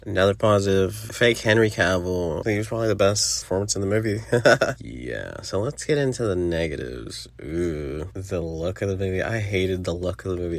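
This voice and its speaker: A man's voice: deep voice, creaky, no room sound. A young man hosting a podcast, giving a blunt, profane movie review with frequent laughter and mocking impressions.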